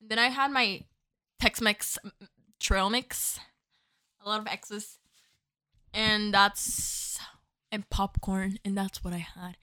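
A woman's voice: medium pitch, fairly even intonation, takes it slowly, pauses often, sharp tone. A woman co-hosting a casual podcast, playful and laughing as she rambles through anecdotes. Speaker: podcast co-host.

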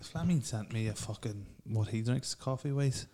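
A man's voice: mid-range voice, moderate pace, mellow. A young man in casual chat, teasing and blunt, swearing often.

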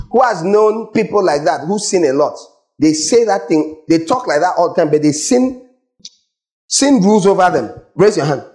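In a low-quality recording, a man with a fairly high, darkish voice preaches a sermon. He is emphatic and scolding, repeating his points and putting questions straight to his congregation.

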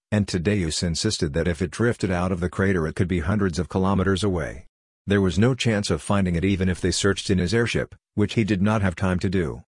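A man with a very low, husky voice reads a story aloud in a steady, even way. The recording is dry and close, with no room sound behind him. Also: no room sound. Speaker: audiobook narrator. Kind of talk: scripted narration.

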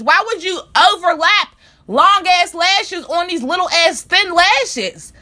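A woman's voice: very high voice, lively intonation, slow pace, pushed and bright. A young woman telling an angry, profane storytime rant about a bad salon visit. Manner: profane, heated, repetitive rant.

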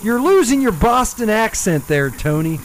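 A man doing improvised comedy role-play as an announcer, with showy patter that swings widely in pitch. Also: sing-song, moderate pace. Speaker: comedy podcast cast member playing an announcer.

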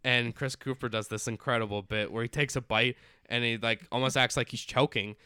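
A man's voice: medium pitch, fairly even intonation, brisk, pushed and bright, clear, resonant tone, no room sound, clean studio sound. A man chatting casually as a podcast co-host, rambling through a film's plot with lots of fillers and acted-out quotes. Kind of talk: casual chat recapping a film.

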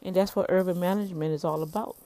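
A woman's voice: on the low side, steady tone, fast, warm tone. A middle-aged woman, an entrepreneur, giving a casual motivational rant in a preachy way, calling her listeners y'all and often repeating words.

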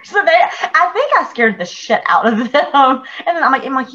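Middle-aged woman podcast co-host, bright tense voice, lively frank storytelling, muffled recording. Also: fairly high pitch, normal speed, hardly any pauses. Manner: animated storytelling, swears freely, laughs often. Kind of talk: casual chat.

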